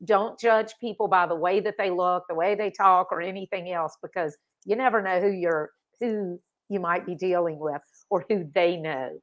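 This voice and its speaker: A woman's voice: fairly low pitch, normal speed, few pauses, dull audio. A woman hosts a podcast in a casual chat and sums up the guest's points for her listeners in an agreeable way. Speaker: podcast host.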